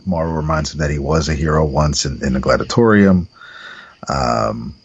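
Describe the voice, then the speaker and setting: A man casually recapping a comic book plot, halting with fillers and restarts. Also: extremely low pitch, creaky, husky, lo-fi sound. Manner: halting, many fillers and restarts while summarizing. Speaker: podcast co-host recapping a comic.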